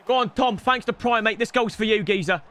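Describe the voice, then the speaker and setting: A young man giving loud, joking commentary over a football video game, swearing often and putting on silly voices. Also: high voice, brisk, over music. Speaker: gaming YouTuber. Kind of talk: energetic gameplay commentary.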